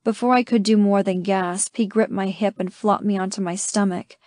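A woman reading a first-person romance audiobook in a slow, intimate way. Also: medium pitch, steady tone, darkish tone, dry recording, clean studio sound. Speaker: audiobook narrator. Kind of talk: scripted first-person narration.

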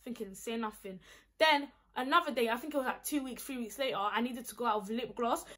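A young woman with a London accent, telling a storytime vlog in an animated, indignant, slang-heavy way. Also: fairly high pitch, a little fast. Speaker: vlogger.

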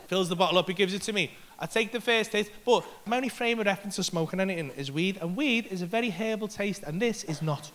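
A man doing animated stand-up storytelling in a comedy club, swearing freely and acting out voices. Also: high voice, fast talker, hardly any pauses, slight background noise. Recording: live comedy club set.

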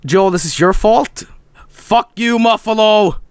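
A young man streaming a game, swearing and sarcastic, swinging between yelling and low mumbles. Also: big pitch swings, normal speed, no echo.

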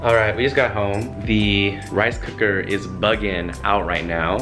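Young male vlogger, low-pitched voice, relaxed slangy delivery, clear lo-fi music bed under him. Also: unhurried. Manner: laid-back slangy talk. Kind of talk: casual vlog chat. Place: home kitchen and grocery store.

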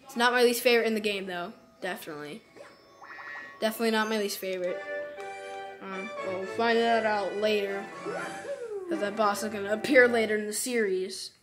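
A woman giving casual commentary over a video game, chatty and quick to exclaim and groan in frustration. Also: mid-range voice, fairly even intonation, poor audio. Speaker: let's play gamer. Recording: game music playing behind.

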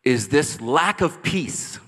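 A man preaching a sermon as pastor, rising to intense cries and dropping to soft, quiet lines. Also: a little high, lively intonation, slow. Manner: passionate preaching, builds to loud cries then drops soft. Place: church sanctuary. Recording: long church hall reverb.

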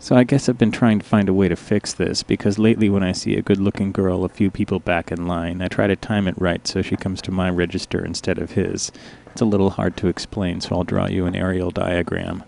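Deadpan young man with a deep, gravelly voice. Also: brisk. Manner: deadpan, wry complaining. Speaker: narrator. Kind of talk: comic storytelling.

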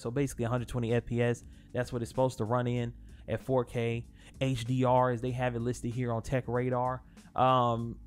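Guy rambling about games, kinda high voice, swears a lot, quiet music in the back. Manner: blunt, profane and rambling. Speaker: gaming channel host. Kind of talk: casual gaming commentary.

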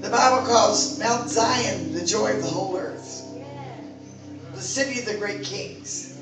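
A woman preaching a sermon in a fervent, exhorting manner, rising at times to loud calls to her listeners. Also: mid-range voice, measured pace. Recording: very echoey room, mic far off, music behind.

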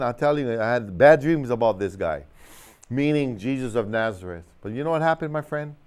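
A man preaching a TV sermon as a minister, telling a story with lots of energy and acting out the shouting crowd, and calling the listener "my friend" again and again. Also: medium pitch, lively intonation, a little fast, smooth. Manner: keeps addressing the listener as my friend. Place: TV studio.

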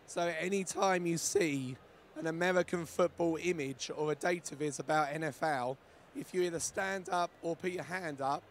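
A hoarse man presenting a talk to a live conference audience. His voice sits a little high, and he speaks in a friendly, relaxed way with plenty of ums. Faint noise lingers under his speech. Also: moderate pace, few pauses. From United Kingdom.

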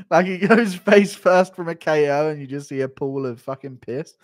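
A man's voice: fairly high pitch, steady tone, moderate pace. A man chatting casually on a livestream, joking crudely with his chat and constantly breaking into laughter. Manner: giggly, keeps breaking into laughter.

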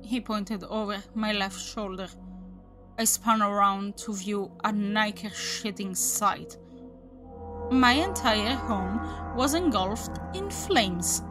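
A woman's voice: mid-range voice, takes it slowly, over music. A woman narrating a horror story aloud, voicing the characters as she reads. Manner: dramatic reading, voices the characters.

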